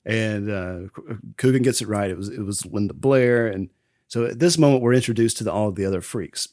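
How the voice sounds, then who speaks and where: A man hosting a casual podcast and recapping a film, laughing often and acting out lines in quick voices. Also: lowish voice, darkish tone, no room sound, clean studio sound. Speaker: podcast host. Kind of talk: casual movie recap chat.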